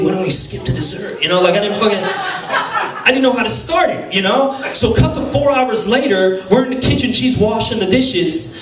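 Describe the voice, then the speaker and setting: A man doing stand-up storytelling in a comedy club, profane, animated and mocking himself. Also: high-pitched. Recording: echoey club, distant mic, loud crowd.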